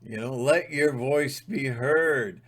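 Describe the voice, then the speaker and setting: A man's voice: mid-range voice, slow pace, a bit bright. A man giving a rambling, emphatic spiritual monologue, sometimes breaking into mocking mimicry. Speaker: spiritual vlogger.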